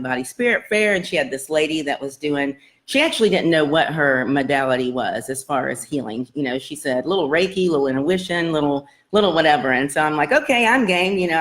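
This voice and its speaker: A woman casually telling her personal story to her online viewers, earnest and rambling, with many fillers and restarts. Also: low voice. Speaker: self-help vlogger.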